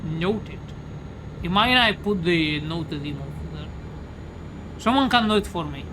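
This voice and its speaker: Over the engine sounds of a truck driving game, a woman with a fairly low, animated voice speaks at a measured pace. The livestreamer has had a few beers and rambles through casual chat, swearing often.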